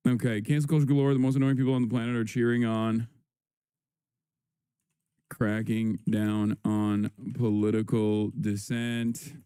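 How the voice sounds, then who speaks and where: A man talks casually on a livestream in a dark, mellow voice that stays smooth and clear. He reads headlines in a slow, drawn-out way, drops dry sarcasm and fills gaps with ums and uhs. The sound is close and dry, with no room around it. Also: lowish voice, level tone, no echo. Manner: sarcastic, drawn-out reading of headlines with many fillers. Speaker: livestream host.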